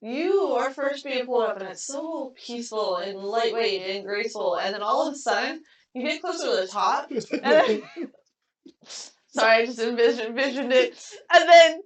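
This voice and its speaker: Lively woman game master in a roomy space. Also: on the high side, moderate pace. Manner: animated, laughing storyteller with sound effects. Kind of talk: narrating a tabletop game. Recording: roomy echo.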